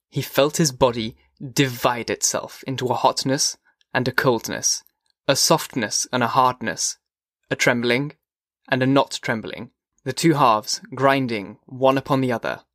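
A man with a medium-pitched voice reads an audiobook script, keeping his delivery steady and measured. The sound is clean studio quality with no echo.

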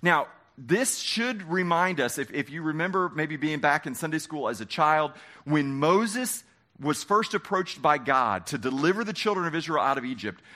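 A man preaching a sermon as pastor, slowing down to stress quoted words. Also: fairly high pitch, pushed and bright. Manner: emphatic preaching with slow dramatic quotes.

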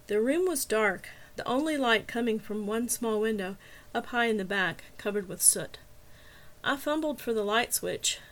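Female narrator, first-person story reading, steady pace, slightly high voice. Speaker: audiobook narrator.

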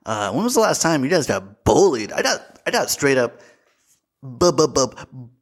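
A young man hosting a casual solo podcast, telling a story with animated energy, swearing freely and calling his listeners dude. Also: mid-range voice, normal speed, breathy edge. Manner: animated storytelling, bursts into shouted voices. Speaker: podcast host.

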